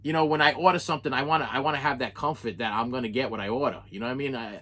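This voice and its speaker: A man's voice: mid-range voice, steady tone, very fast, hardly any pauses, sharp tone. A middle-aged man ranting in an unscripted vlog, frustrated and repetitive, full of restarts. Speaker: collector vlogger.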